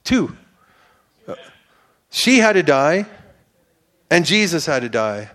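Man with a slightly higher voice, telling his faith testimony; earnest, rambling, turns fervent like a preacher. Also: very animated, takes it slowly, fairly bright tone. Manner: earnest and rambling, with many restarts and fillers; builds to fervent, preacher-like declarations. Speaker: church testimony speaker.

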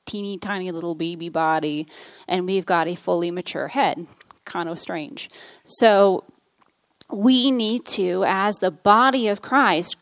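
A woman's voice: mid-range voice, no echo. A woman preaching a sermon, reading scripture aloud and explaining it in an earnest teaching manner with frequent fillers.

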